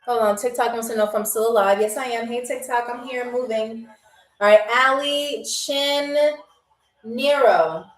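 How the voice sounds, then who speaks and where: A playful woman from New York hosts a live-stream game show, her high voice chatting easily with viewers. She sits back from the mic in a roomy, echoey space. Soft music plays underneath. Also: normal speed, far from the mic.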